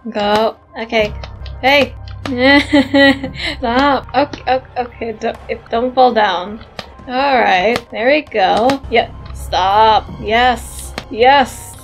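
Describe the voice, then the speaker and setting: A woman's voice: fairly high pitch, extremely slow. A woman playing a game and commenting as she goes, giggling often and squealing when she slips. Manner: giggly and excitable, laughs often. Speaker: gaming YouTuber. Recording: background game music.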